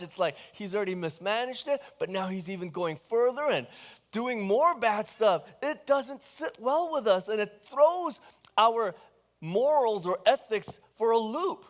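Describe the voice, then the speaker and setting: A man's voice: sits high, expressive, a little slow. A man preaching a sermon, talking with the congregation in a conversational, questioning way and telling the story with animation. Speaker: pastor.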